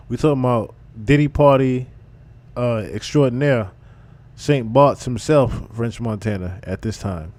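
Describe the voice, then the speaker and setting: A man's voice: mid-range voice, normal speed, darkish tone. A man hosting a live stream, commenting casually on a clip in a loose, emphatic way that repeats phrases.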